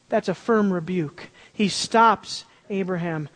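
A preacher delivering a sermon in an animated way, repeating words for emphasis and acting out quotes. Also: medium pitch, measured pace. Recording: long reverb of a large hall.

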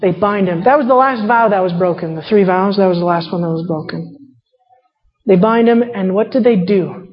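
A woman's voice: mid-range voice, moderate pace, slightly rough. A woman preaching a sermon, reading scripture and retelling characters in casual paraphrase. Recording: muffled sound in a reverberant hall.

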